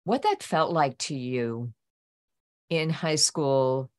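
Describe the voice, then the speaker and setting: Older woman host, low-pitched, gentle hesitant questioner. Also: expressive, slow pace. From New York. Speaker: podcast co-host, mother. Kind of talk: conversational interview.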